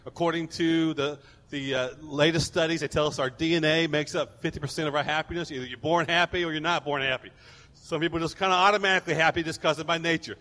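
A pastor preaching a sermon, telling stories animatedly and acting out people's voices. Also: male voice, on the high side, fairly even intonation, quick pace, pushed and bright, long reverb tail.

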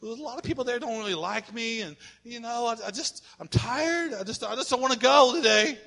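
A man's voice: very high-pitched, a little fast, gravelly, bright, forceful tone, heavily acted. A man doing a tired, whiny grown son.

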